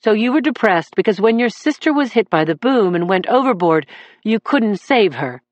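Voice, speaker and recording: A woman voicing a composed male defense lawyer who speaks calmly and matter-of-factly. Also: high voice, normal speed, no room sound. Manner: calm, matter-of-fact, even. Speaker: defense attorney.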